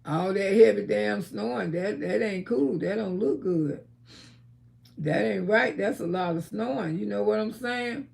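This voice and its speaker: A woman hosting a live stream, talking casually and trash-talking loudly, with frequent laughter. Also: medium pitch, a little slow, creaky.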